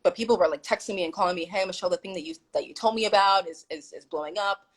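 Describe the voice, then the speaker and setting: A woman's voice: on the low side, racing, poor audio. A woman guest on a live stream telling a story animatedly and emphatically, quoting what people said. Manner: animated, emphatic retelling with quoted dialogue. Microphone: phone or video call.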